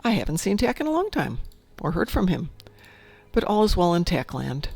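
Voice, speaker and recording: A woman hosting a casual gaming chat, a chatty storyteller who talks in an animated, jokey way. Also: on the low side, moderate pace, gravelly. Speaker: stream host.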